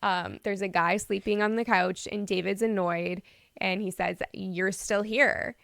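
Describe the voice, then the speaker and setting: A young adult woman co-hosting a podcast, casually retelling scenes in an animated way, laughing often and swearing casually. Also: mid-range voice, normal speed, no room sound, studio quality. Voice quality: gravelly fry in the voice. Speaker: podcast co-host recapping episodes.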